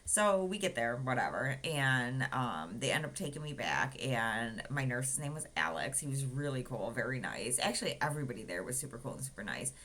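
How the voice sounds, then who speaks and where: A woman with a low voice tells a personal story straight to camera. Her pitch swings widely as she acts out what others said. The talk is casual and loose, filled with "like" and "um". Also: big pitch swings, moderate pace, hardly any pauses, a bit bright. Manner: chatty, full of "like" and "um", acts out quotes. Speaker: vlogger.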